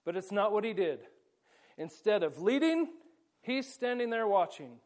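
A man's voice: sits high, very animated, measured pace, a little mellow. A man preaching a sermon, explaining with energy and playful asides while volunteers act out a scene. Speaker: pastor.

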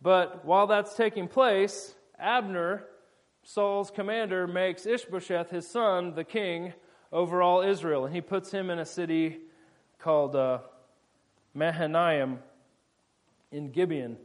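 High-voiced man retelling a scripture story. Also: unhurried. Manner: animated, jokey retelling with voiced asides. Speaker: preacher. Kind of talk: casual sermon storytelling.

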